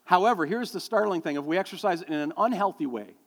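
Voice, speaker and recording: A man's voice: high voice, fast talker. A middle-aged male pastor preaching a sermon, telling stories and joking with the congregation. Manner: storytelling, animated, jokes with the congregation. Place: church sanctuary. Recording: long hall reverb.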